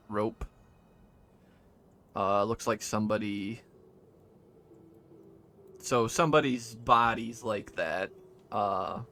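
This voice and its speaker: Male game master, unhurried, bright forceful tone, rambly and full of fillers. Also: medium pitch, slight background noise. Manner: mutters to himself while searching notes. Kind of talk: casual tabletop game narration.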